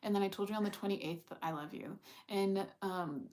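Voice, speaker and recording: A woman's voice: mid-range voice, fairly quick, a little mellow. Woman co-host, casual rambling anecdote, fillers, laughs a lot. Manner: rambling storytelling with many fillers; laughs often while recounting. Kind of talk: casual chat.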